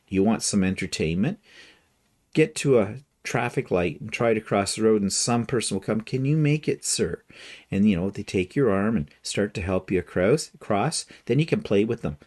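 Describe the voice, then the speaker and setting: Older guy ranting for laughs on his vlog, low voice, bouncy delivery. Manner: wry, joking rant with lively emphasis. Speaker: quilting vlogger. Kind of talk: casual humorous monologue.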